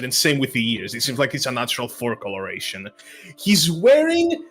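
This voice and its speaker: Guy running a tabletop game, lively up and down voice, slow drawl, jokey. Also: mid-range voice. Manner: laid-back, joking, swearing. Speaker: game master.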